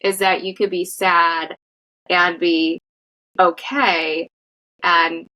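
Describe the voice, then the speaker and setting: A woman therapist talking casually and thoughtfully about grief, with many fillers and pauses. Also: on the low side, flat delivery, pushed and bright, rough recording. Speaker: therapist guest. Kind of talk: casual conversation.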